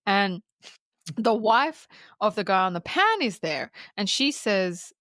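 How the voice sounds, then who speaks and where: A woman's voice: mid-range voice, big pitch swings, takes it slowly, a bit bright, no echo, studio quality. A woman on a podcast, retelling a film plot in casual chat, swearing freely and acting out the characters' lines. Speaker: podcast co-host.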